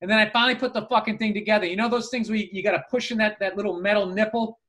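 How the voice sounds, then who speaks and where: A man co-hosts a casual podcast, his voice pitched high and bright. He tells stories with animated energy, swears freely and slips into the voices of the people in them. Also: very fast. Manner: animated storyteller, swears a lot, acts out voices. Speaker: podcast co-host. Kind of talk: casual chat.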